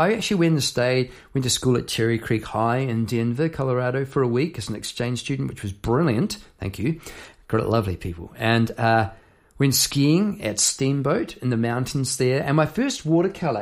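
A man's voice: mid-range voice, lively intonation, fairly quick. A songwriter talks through his lyrics line by line in a loose, conversational way. The man often drifts into side stories and keeps checking in with "eh?" and "yeah?". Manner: chatty and rambling, full of asides and tag questions. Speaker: songwriter hosting an episode. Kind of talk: casual explanation of song lyrics.

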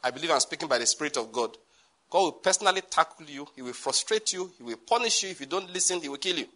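A man's voice: a little high, expressive, fast talker, bright, forceful tone. A male pastor with a Nigerian accent, preaching a sermon with joking asides and his own laughter.

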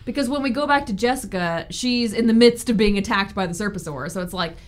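A woman with a medium-pitched voice speaks briskly as a co-host of a casual book podcast. In this book-club chat she recaps chapters and offers blunt, frank opinions.

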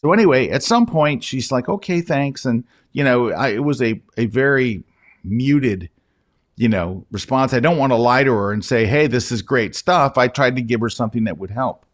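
Man telling an animated story. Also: medium pitch, moderate pace. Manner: animated anecdote-telling, addressing the host by name. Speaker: guest photography educator. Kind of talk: casual interview storytelling.

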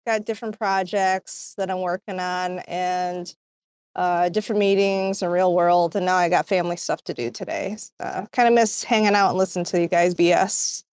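A woman's voice: lowish voice, fairly even intonation, moderate pace, darkish tone, clear, resonant tone, dry recording, studio quality. A woman chatting in a casual online group talk, full of fillers and loose asides as she explains herself. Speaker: guest in a crypto community talk.

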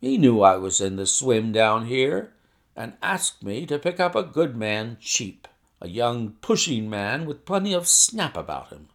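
A man voicing a brisk, sharp-spoken, bearded financial agent who flatters loudly in a story reading. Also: mid-range voice. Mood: boastful.

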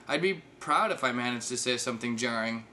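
A man's voice: medium pitch, lively intonation, brisk, bright, forceful tone, slight background noise. A man voicing a sarcastic young woman texting on a dating app, with a dry, teasing delivery.

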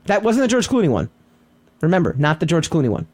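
Man, podcast co-host, casual chat, rambling, self-interrupting, rapid pace, animated pitch. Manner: rambling, self-interrupting, enthusiastic about pop culture.

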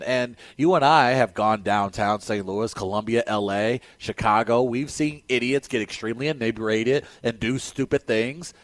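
A man co-hosting a sports radio show, giving animated, emphatic opinions in casual talk. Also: mid-range voice, no room sound.

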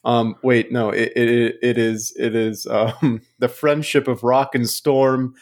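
A man co-hosting a casual movie review chat, thoughtful and halting, often restarting his sentences. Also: medium pitch, flat delivery, a little mellow. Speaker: podcast co-host.

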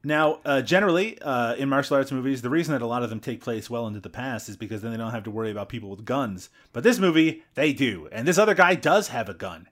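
Podcast co-host, male, animated delivery, joking plot recaps. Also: mid-range voice, fast talker, few pauses. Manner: retells the plot with jokes and asides. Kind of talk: casual movie recap chat.

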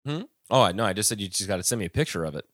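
A man co-hosting a podcast, chatting casually in a relaxed way that trails off mid-thought. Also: fairly low pitch, very fast, no room sound, clean studio sound. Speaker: podcast co-host. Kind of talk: casual chat.

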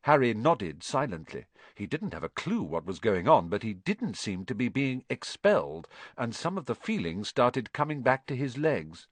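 Man, audiobook narration, expressive, lively pitch, dry close sound. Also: moderate pace, few pauses, dry recording. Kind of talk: scripted narration.

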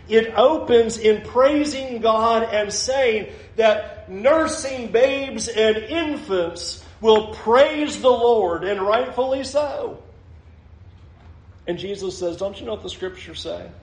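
Man, pastor, sermon, animated, acts out quotes, high voice. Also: reverberant.

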